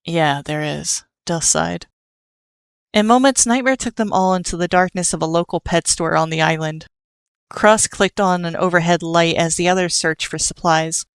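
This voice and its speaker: A woman reading an audiobook in a steady storytelling manner. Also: on the low side, moderate pace, smooth, dry recording. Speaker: audiobook narrator. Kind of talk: scripted audiobook narration.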